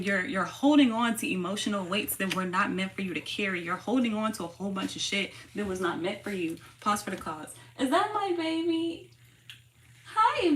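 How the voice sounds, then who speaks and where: A woman's voice: medium pitch, a little hiss or hum. A woman giving a casual, slangy tarot reading, stressing her points by repeating phrases. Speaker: tarot reader.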